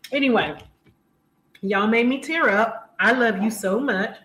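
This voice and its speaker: Woman live-stream host, high pitched, slow unhurried talk, chatty and laughing, greets viewers, echoey home room. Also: bright, forceful tone. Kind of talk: casual live-stream chat. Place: home room, lights turned down. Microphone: camera mic.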